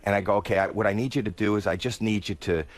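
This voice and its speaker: A male comedian telling a comic story, dropping his voice low for quoted lines and squealing when excited. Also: racing, slight background noise. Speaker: guest comedian.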